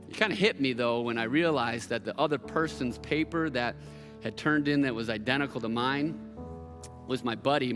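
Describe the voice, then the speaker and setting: A middle-aged man preaching a sermon from a church stage, telling a personal story and acting out the voices in it with lively, animated delivery. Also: mid-range voice, in a large hall. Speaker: pastor.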